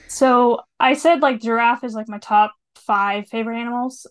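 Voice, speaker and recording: A woman's voice: on the high side, steady tone, normal speed, clean tone. Playful, nerdy woman podcast co-host. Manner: nerdy, playful, swears casually. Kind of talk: casual chat.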